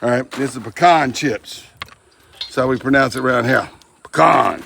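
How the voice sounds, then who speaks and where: A man's voice: medium pitch, flat delivery, normal speed, vocal fry, a bit bright, a little hiss or hum. Folksy man at the grill. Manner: folksy, joking asides while working the grill. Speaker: barbecue channel host. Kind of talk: casual cooking demonstration. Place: outdoors at a kettle grill.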